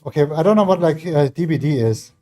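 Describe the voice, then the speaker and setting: A man's voice: fairly high pitch, lively intonation, quick pace, dark tone. A man streaming from his home gym mid-workout, chatting loosely with viewers and filling his speech with "like", a non-native English speaker. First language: not English. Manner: rambling, heavy use of "like" as filler; reads and answers chat messages. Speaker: fitness streamer. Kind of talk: casual livestream chat.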